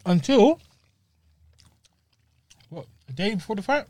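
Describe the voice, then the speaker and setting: A man co-hosting a podcast, explaining things in a laid-back, steady way over a meal. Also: high voice, slow pace, no room sound. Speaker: podcast co-host. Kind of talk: casual chat while eating.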